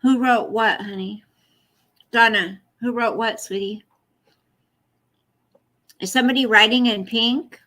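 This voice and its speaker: A woman's voice: a little high, steady tone, a little slow, pauses often, sharp tone. A woman hosting a casual livestream from home at night, chatty and apologetic, cooing at her pet in between. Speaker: livestream host.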